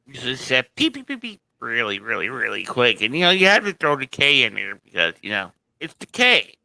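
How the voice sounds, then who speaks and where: A man's voice: mid-range voice, expressive, brisk, vocal fry, sharp tone, no room sound. A man co-hosting a casual podcast, joking and laughing a lot and stumbling into his punchlines. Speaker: podcast co-host. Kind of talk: casual chat.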